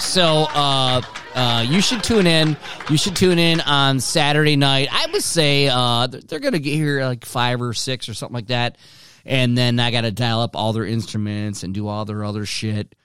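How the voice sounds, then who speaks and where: A man's voice: mid-range voice, fairly bright tone, clear, resonant tone, no room sound, clean studio sound. A man hosting his own podcast from home, rambling casually with lots of swearing and self-directed jokes. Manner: profane, rambling, joking with himself. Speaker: podcast host.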